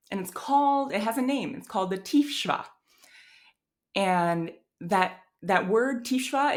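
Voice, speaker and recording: Slow-spoken Midwestern woman teaching pronunciation. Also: mid-range voice. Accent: American Midwest. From Wisconsin, USA. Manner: thinks aloud with fillers, demonstrates sounds, laughs lightly. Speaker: language teacher. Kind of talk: casual explanatory lesson.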